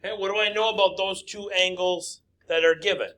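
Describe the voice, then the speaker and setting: A man's voice: high voice, steady tone, a little fast, bright, forceful tone. A man teaching a recorded math lesson, working through problems step by step and asking himself questions aloud before answering them.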